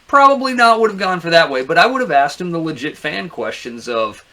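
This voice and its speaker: A man's voice: on the high side, sing-song, a little fast, pushed and bright. A man co-hosting a wrestling podcast in casual chat, blunt and opinionated, swearing freely. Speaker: podcast co-host.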